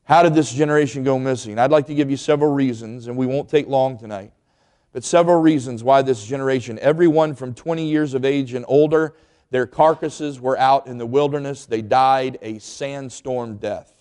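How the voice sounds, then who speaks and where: A man's voice: mid-range voice, fairly even intonation, normal speed, darkish tone. A middle-aged man preaching a sermon, emphatic and full of rhetorical questions. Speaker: pastor. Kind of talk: sermon with storytelling.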